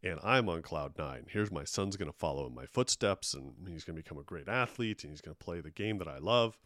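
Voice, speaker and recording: A man's voice: sits low, lively intonation, brisk, fairly bright tone, no room sound, clean studio sound. A middle-aged man hosting a casual interview, telling a reflective personal story. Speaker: podcast host.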